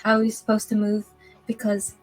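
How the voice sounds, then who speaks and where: A woman's voice: medium pitch, completely flat delivery, normal speed, faint music behind, rough recording. A woman playing in a tabletop game, describing her character in short casual remarks. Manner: short agreeing replies. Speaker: player. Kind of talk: tabletop role-play chat.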